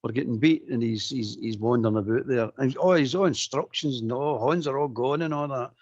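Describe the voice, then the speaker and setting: A man's voice: medium pitch, brisk, darkish tone, dry recording, dull audio. A Scottish man calling a radio phone-in, blunt and mocking, with a laugh now and then. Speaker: caller.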